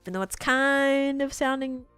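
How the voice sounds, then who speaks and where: A woman's voice: high voice, moderate pace, fairly bright tone, no room sound, soft background music. Brief: a young Australian woman with an Americanized accent, talkative and rambling, casual stream chat. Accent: Australian, drifting toward American. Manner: chatty, rambling, many "like"s. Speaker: game streamer.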